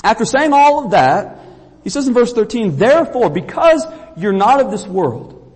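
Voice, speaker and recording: A man's voice: extremely high pitch, big pitch swings, moderate pace, darkish tone, breathy edge, in a large hall. A man from Kentucky, preaching an earnest sermon in a church and often repeating words for emphasis. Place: church sanctuary.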